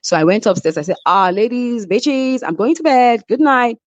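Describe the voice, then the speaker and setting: High, lively Nigerian woman, heated storyteller. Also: normal speed, no room sound. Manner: animated, heated, mixes in Yoruba phrases. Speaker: reality show cast member. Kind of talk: casual storytelling chat. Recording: slightly muffled lo-fi sound.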